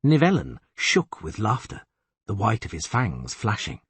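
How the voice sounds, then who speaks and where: Husky-voiced male audiobook narrator. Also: lowish voice, wildly swooping pitch, measured pace, fairly bright tone, no room sound. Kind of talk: scripted narration.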